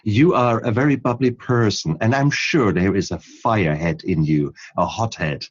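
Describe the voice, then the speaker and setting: A man hosting an interview, asking slow, probing questions. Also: on the low side, breathy edge. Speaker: host. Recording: dull lo-fi audio.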